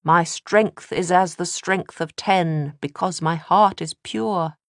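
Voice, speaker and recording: A woman's voice: lowish voice, takes it slowly, no room sound. A woman voicing a cheerful, flippant young British man with a dry, mocking manner, read from a novel. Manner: teasing, dryly mocking.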